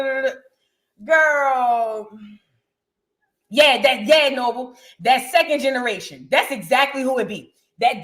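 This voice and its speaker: A woman, co-hosting a chat show and telling stories in an animated, slangy way. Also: high voice. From United States. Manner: animated, slangy, repeats phrases for emphasis. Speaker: podcast co-host. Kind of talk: casual storytelling chat.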